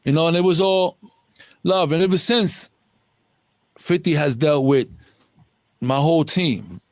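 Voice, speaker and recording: A man's voice: fairly high pitch, a little slow, no echo. A middle-aged man telling a long story in an interview, rambling in profane street slang. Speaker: interview guest.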